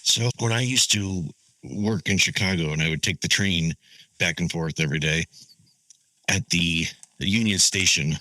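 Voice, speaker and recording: A man's voice: low-pitched, normal speed, pushed and bright, dry recording, poor audio. An easygoing man co-hosting a podcast in casual chat, laughing along with his partner. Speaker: podcast co-host.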